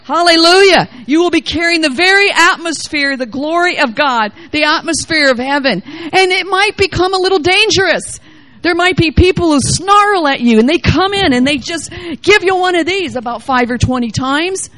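A woman preaching a charismatic sermon, reading scripture aloud and commenting on it, swinging from loud exclamations to quiet asides. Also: extremely high pitch, expressive, normal speed, no room sound.

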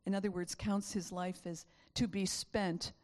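A woman's voice: mid-range voice, flat delivery, a little slow, darkish tone, long reverb tail. A woman preacher giving an emphatic, repetitive sermon and sometimes dropping to a whisper.

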